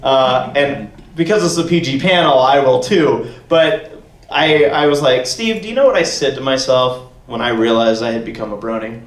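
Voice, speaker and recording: A man hosting a fan convention panel, telling a story in a lively way, acting out quotes and laughing often. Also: mid-range voice, normal speed. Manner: animated, laughing, acts out quotes. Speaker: panel host. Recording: echoey room from far off with faint noise.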